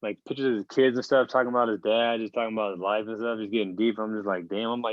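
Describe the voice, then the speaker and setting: A man's voice: on the low side, steady tone, fast talker, few pauses, no echo. A man in his thirties, a podcast guest, telling a long story casually, rambling and swearing with lots of filler words. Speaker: podcast guest, basketball player. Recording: dull, dry lo-fi sound.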